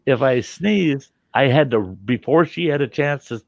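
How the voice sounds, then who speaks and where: Gravelly-voiced man telling a salty story. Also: medium pitch, lively intonation, unhurried, few pauses, dry recording. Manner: salty, swearing, rambling anecdotes. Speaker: host. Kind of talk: casual storytelling. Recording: dull lo-fi dry sound.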